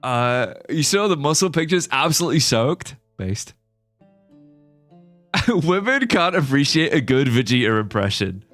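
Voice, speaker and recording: A man's voice: medium pitch, big pitch swings, a little slow, fairly bright tone, no echo. A young man with an English accent, chatting casually with viewers on a live gameplay stream, swearing and laughing often. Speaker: livestreamer. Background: faint guitar music.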